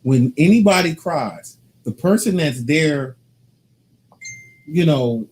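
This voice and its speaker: A man co-hosting a casual couple's talk show, arguing his side with animated, teasing energy and acting out what others say. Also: on the high side, slow pace. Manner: animated, argumentative and teasing, quoting people in changed voices. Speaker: co-host.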